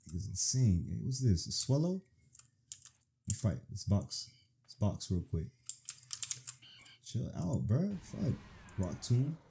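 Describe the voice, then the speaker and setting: A young man gives profane, excited let's-play commentary, talking to the game as he plays. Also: on the low side, a little hiss or hum. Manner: profane, animated reactions, talks to the game. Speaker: gaming streamer.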